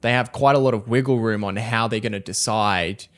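Lower-voiced man on a podcast. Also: a bit bright. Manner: measured, explanatory, with fillers. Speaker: podcast co-host. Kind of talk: casual podcast discussion.

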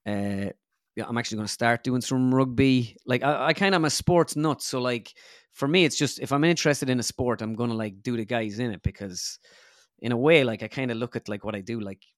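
A man's voice: mid-range voice, a little fast, no room sound. Irish midlands male guest, chatty, meandering, mid-range voice, dry sound. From middle of Ireland. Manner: rambling, self-correcting, easygoing. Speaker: guest, comedian and impressionist. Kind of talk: casual interview chat.

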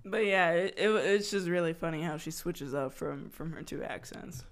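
A young woman co-hosting a casual podcast, chatty, full of fillers and quick laughs. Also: low voice. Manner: chatty, laughs often, many fillers and restarts. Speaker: podcast co-host. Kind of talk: casual chat.

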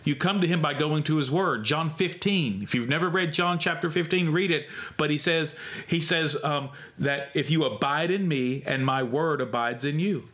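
A man's voice: on the high side, moderate pace, fairly bright tone. A man preaching a sermon, conversational and emphatic, repeating key phrases with rising intensity. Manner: conversational with restarts and fillers.

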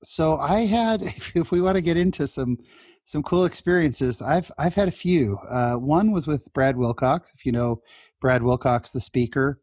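A husky-voiced man in his fifties tells personal stories as a podcast guest. He speaks in a heartfelt, chatty way and often starts his sentences over. The sound is close and dry, with no room echo. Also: fairly high pitch, animated, moderate pace, darkish tone. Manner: heartfelt and chatty, with laughs and restarts. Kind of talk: personal storytelling in an interview.

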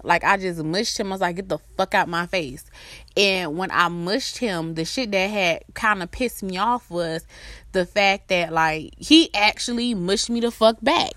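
A woman's voice: medium pitch, fairly bright tone, no room sound. A woman in the middle of a heated, foul-mouthed rant to her audience, giving relationship advice through her own stories. Her voice sits in an ordinary middle range, and the sound is close and dry, with no room around it. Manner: blunt, emphatic, heavy swearing, storytelling asides. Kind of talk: casual profane rant to viewers.

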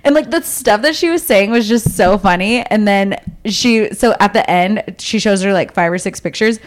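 A woman's voice: medium pitch, normal speed. A young woman co-hosting a podcast in casual chat, rambling with lots of "like". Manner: rambling, heavy use of "like". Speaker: podcast co-host.

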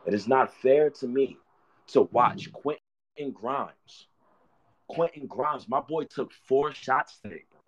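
A man's voice: mid-range voice, takes it slowly, dull audio. A man hosting a fan show, ranting heatedly and profanely, repeating himself as he vents. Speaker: sports fan show host.

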